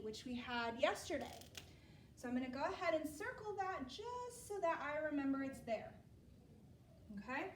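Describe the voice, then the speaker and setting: A woman teaching children a phonics lesson, patient and steady, checking in often with "okay?". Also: sits high, echoey room, far from the mic, slight background noise.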